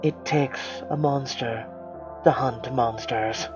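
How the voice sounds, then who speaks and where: A man reading aloud and voicing a cold, vengeful female water spirit who speaks slowly and with menace. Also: fairly even intonation, lo-fi sound, soft background music, natural voice. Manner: slow, low and menacing.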